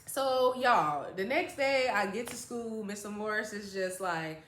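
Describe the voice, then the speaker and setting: A young woman vlogger telling a casual storytime, animated and lively, slipping into voices as she quotes people. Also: medium pitch, moderate pace, few pauses, slight background noise. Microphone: phone or tablet camera. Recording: echoey room.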